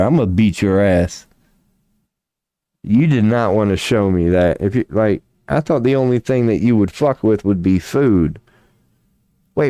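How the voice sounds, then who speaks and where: A man's voice: medium pitch, dark tone, smooth, no room sound. A man streaming casually from a small room at home, swearing, laughing and talking to a mouse. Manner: profane, laughing, talks to a mouse. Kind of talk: casual solo stream chat.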